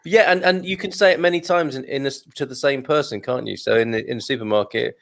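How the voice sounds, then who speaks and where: A man's voice: medium pitch, quick pace, vocal fry, a bit bright. A man hosting a casual live stream, chatting and joking as he reads out viewer comments. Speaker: host.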